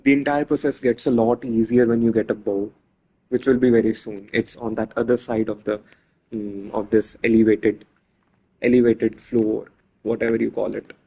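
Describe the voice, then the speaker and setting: A man's voice: mid-range voice, fairly even intonation, moderate pace, mellow, slightly rough, rough recording. A man casually talking viewers through a video game as he plays, chatty and often correcting himself mid-sentence. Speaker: gameplay commentator. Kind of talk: casual let's-play commentary.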